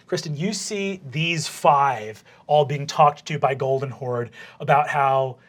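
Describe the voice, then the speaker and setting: A man narrating as game master for an improvised tabletop game, playful and quick to slip into character voices. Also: mid-range voice.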